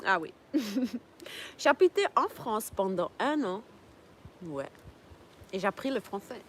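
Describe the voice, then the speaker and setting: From her home in Jamaica, a woman hosts a casual livestream, reading viewer comments, laughing often and slipping into French. Her medium-pitched voice is very animated but unhurried, with a little hiss or hum in the recording.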